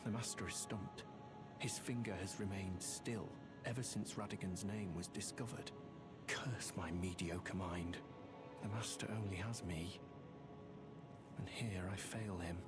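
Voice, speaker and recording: A man's voice: lowish voice, steady tone, moderate pace, lightly acted. An actor playing a devoted young male cleric who frets over his silent master, speaking in earnest, formal game dialogue. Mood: self-reproaching. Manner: earnest, fretful, formal speech. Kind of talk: video game character dialogue. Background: loud game music.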